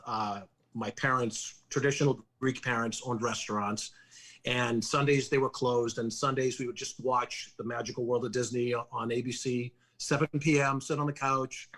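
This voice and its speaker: A man's voice: mid-range voice, fairly bright tone, poor audio. Friendly man telling his story. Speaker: podcast guest. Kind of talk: casual podcast interview.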